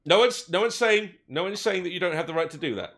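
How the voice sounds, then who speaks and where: A man's voice: sits high, lively intonation, quick pace, fairly bright tone, a little hiss or hum, pitched above the performer's own voice. A man voicing a male elf police officer in a tabletop game, overly polite and formal, stumbling over his own phrases. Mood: officious.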